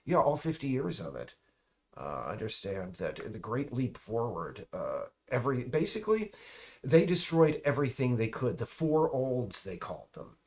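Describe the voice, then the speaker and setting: A man talks through a loose, rambling monologue in a voice of ordinary pitch. He stops and restarts often and trails off into asides. Dry, mocking remarks run through his talk. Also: very animated, moderate pace, a little mellow.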